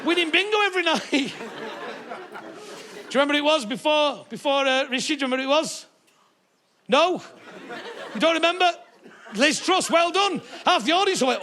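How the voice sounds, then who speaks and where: A man's voice: very high-pitched, expressive, a little fast, long pauses, bright, forceful tone, a faint crowd, slight background noise. A male stand-up comedian, swearing and mocking in a live comedy set in a theatre. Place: theatre stage before a live audience.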